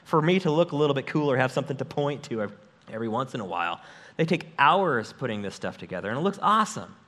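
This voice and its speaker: A man of middle pitch preaching to his church, energetic and conversational. He jokes with the congregation and thanks his volunteers as he moves through the sermon. His voice comes through a stage microphone in a church sanctuary. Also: quick pace. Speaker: pastor.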